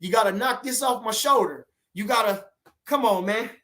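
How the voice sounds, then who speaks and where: A boxing channel host with a high, sharp-toned voice speaks at normal speed on a casual livestream, loose and animated, sprinkling in "you know what I'm saying" asides.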